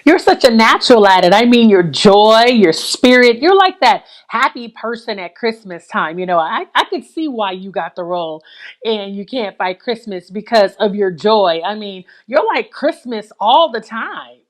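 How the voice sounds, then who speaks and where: A woman's voice: mid-range voice, expressive, normal speed. A woman hosting an interview, asking questions and giving listening sounds. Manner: warm praise, frequent listening "mm-hmm". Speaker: interview host.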